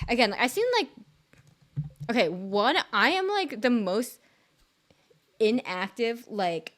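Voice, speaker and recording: A woman's voice: medium pitch, big pitch swings, unhurried, long pauses, fairly bright tone. A young woman streaming live, chatting casually to her viewers in a rambling, giggly, self-deprecating way with lots of fillers.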